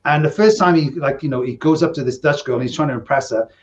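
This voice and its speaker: A man's voice: fairly high pitch, fast talker, dull audio. A man co-hosting a podcast, telling rambling casino anecdotes in casual chat, often checking in with "right?". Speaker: podcast co-host, former casino dealer.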